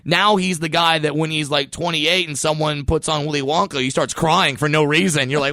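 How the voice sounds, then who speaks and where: A man's voice: a little high, fairly quick, hardly any pauses, no echo, clean studio sound. A man telling comic stories in a chat, acting out the people he quotes. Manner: animated storyteller who acts out quoted voices. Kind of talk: storytelling chat.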